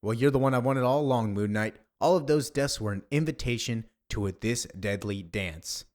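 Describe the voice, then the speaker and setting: A man's voice: mid-range voice, moderate pace, a little mellow, lightly acted. A man playing a taunting theatrical villain. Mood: menacing. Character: theatrical menacing male villain.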